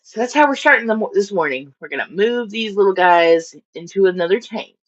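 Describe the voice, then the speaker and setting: Speaking a little fast with a medium pitch and lively intonation, a woman rambles casually about her fish tanks on a home live stream, giving the fish silly voices. The sound is dull and lo-fi.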